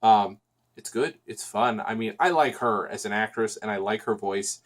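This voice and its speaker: A man's voice: on the low side, normal speed. A man hosting a podcast, talking casually and reviewing on his own, rambling, with many restarts and fillers. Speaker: podcast host.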